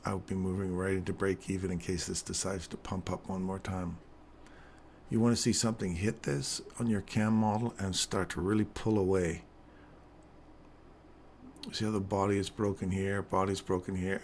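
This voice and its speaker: A deep-voiced man talks through live trading charts in a loose, joking, explanatory way, often checking in with "right?". His voice has a groggy morning roughness to it. A faint ambient hum sits behind him. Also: flat delivery, moderate pace, darkish tone. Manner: casual, explanatory, joking, keeps asking "right?". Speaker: trading stream host.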